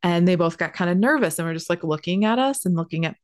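A young woman with a fairly low-pitched voice tells a personal story in a chatty, animated way. She fills her sentences with "like" and runs on eagerly from one detail to the next. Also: fast talker. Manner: animated, chatty, heavy use of "like".

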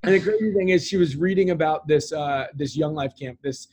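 A man with a fairly high voice answers interview questions in an earnest, conversational way. He talks about his work and goals, often restarting phrases with "um" and repeated words. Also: fairly quick, a little mellow, breathy edge. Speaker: business owner and interview guest.

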